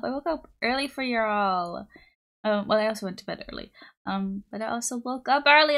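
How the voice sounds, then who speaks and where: Young woman streamer, chatty and giggly, mid-pitched, casual rambling talk into a desk mic. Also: moderate pace, fairly bright tone. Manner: bubbly, rambling, giggly, reads chat aloud. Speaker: livestreamer. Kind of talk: casual chat with live chat. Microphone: desktop USB mic.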